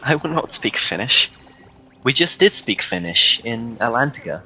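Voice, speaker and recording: A man's voice: mid-range voice, big pitch swings, normal speed, sharp tone, slight background noise, rough recording. A young man giving casual, joking commentary on a live speedrun and reading out chat as he goes. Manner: joking, rambling, reads chat aloud. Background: faint game music.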